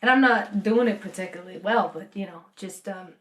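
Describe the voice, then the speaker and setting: A woman's voice: medium pitch, normal speed, reverberant. A woman co-hosting a podcast in casual chat, rambling and peppering her speech with "like.". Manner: rambling, full of "like". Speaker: podcast co-host.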